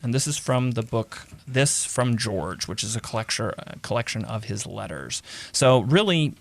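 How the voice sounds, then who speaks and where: A man's voice: medium pitch, lively intonation, moderate pace, gravelly. A man co-hosting a casual history podcast, reading old letters aloud and chatting between them. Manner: reads out historical quotes, chuckles often. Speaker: podcast co-host.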